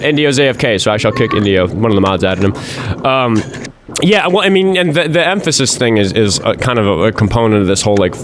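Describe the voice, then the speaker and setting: A man's voice: fairly low pitch, very animated, a little fast, noisy background. A man hosting a live call-in debate stream, talking casually and sarcastically, with lots of fillers and restarts. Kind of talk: casual political call-in chat.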